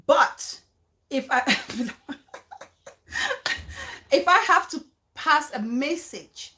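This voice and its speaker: Hosting her casual commentary vlog, this woman is animated and emphatic, repeating key phrases, and she softens into a coaxing tone when talking to her child. Her voice is high-pitched and her delivery extremely slow.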